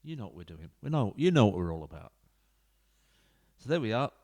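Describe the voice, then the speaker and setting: This let's-play features a YouTuber chatting offhandedly to viewers while managing a football team in a game, recorded in a home room on a desk mic into a computer. His voice is on the low side and dark, sing-song, and fairly quick.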